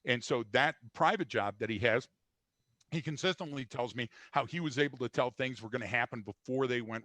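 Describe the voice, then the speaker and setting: An older American man, a guest in a conversational interview, speaks bluntly and emphatically, often restarting and using fillers. His mid-range voice is a bit bright, and there's no echo.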